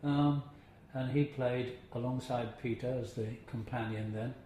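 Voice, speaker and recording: This older man's mid-range voice is mellow, unhurried and fairly even as he reminisces in an interview about acting. His anecdotes are chatty, dotted with chuckles and occasional impressions. The space is very echoey, with a faint hiss.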